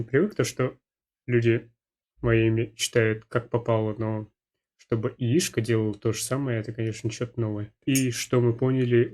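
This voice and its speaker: A young man hosting a casual chat, speaking English haltingly and switching to relaxed commentary. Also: on the low side. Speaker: English teacher, host.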